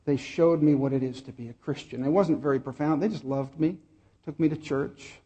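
A middle-aged man preaching a sermon, telling a personal story with pauses and repeated words. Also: fairly high pitch, mellow, lo-fi sound. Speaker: pastor.

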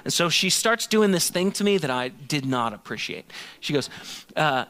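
A man's voice: fairly high pitch, lively intonation, normal speed, a bit bright. A man in his thirties, a pastor telling a self-mocking personal story in a sermon and acting out both sides of a conversation.

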